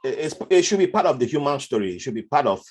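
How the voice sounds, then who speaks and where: A man, a podcast guest telling stories from his life in a lively conversational way and slipping into other people's voices. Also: mid-range voice, quick pace, slightly rough. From Nigeria. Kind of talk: conversational storytelling.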